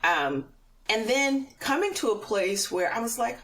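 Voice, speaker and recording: Brief: middle-aged woman guest sharing a faith story, lively and expressive, higher voice, sitting a little back from the mic. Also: a little slow, recorded from a distance, slight background noise, rough recording. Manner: animated storyteller, laughs often. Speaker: podcast guest. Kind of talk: personal testimony in casual conversation.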